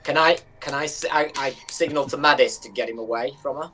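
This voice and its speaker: A man's voice: mid-range voice, brisk, sharp tone, faint music behind. A man as a player, asking hesitant, restarting questions during a tabletop game. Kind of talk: tabletop role-play chat.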